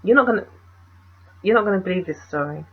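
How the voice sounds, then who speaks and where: A woman's voice: mid-range voice, lively intonation, fast, breathy edge, narrow, tinny audio. A young woman, telling a story in a casual, rambling vlog and asking the viewer questions.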